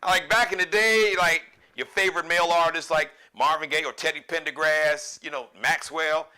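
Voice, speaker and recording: This is a man hosting a live show in a loose, joking monologue. He wanders off-topic and jumps into sudden animated bursts. His voice is strikingly bright and pitched slightly high. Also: moderate pace, smooth. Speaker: show host.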